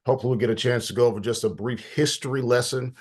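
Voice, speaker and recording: A man's voice: medium pitch, fairly even intonation, quick pace, darkish tone, breathy edge. Stuffy-voiced man hosting. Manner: informal, greets attendees by name. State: stuffy, slightly congested. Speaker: host of policy talk. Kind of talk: casual online meeting hosting.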